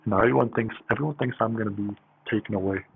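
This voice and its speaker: A man's voice: lowish voice, rapid-fire, creaky, breathy edge. A man telling a story in a casual, rambling way, with lots of fillers and swearing. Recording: tinny phone-like audio with faint hiss.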